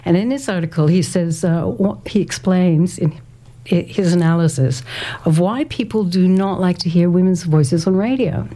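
Mellow woman in her sixties. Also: lowish voice, normal speed. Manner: thoughtful and hesitant, reads quotes aloud, laughs often. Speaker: interview guest, former community radio volunteer. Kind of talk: reminiscing interview talk.

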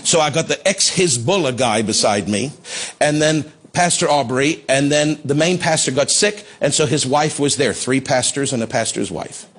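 A man pastor telling a testimony in a sermon, impassioned, building to shouts at the climax. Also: medium pitch, moderate pace, husky. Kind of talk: sermon storytelling.

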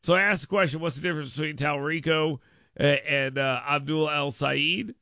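A man hosting a political talk radio show in a studio, delivering an animated monologue and acting out mocking quotes in a raised voice. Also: a little high, normal speed, no room sound.

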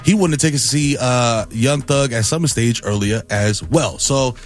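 A man, hosting morning radio and riffing in animated banter. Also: mid-range voice, normal speed, soft background music. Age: 40s. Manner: animated, riffing, lots of "you know what I'm saying". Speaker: radio host. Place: radio studio.

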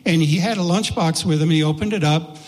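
A man recounts a memory in a folksy, unhurried storytelling voice, slipping into the voices of the people he quotes. His voice sits a little high, and a long reverb trails each phrase as if he stands in a large hall. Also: a little mellow. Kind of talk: personal storytelling.

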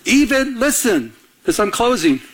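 A man preaching a sermon as a pastor, telling a personal story with animated energy and laughing at himself. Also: extremely high pitch, a little slow.

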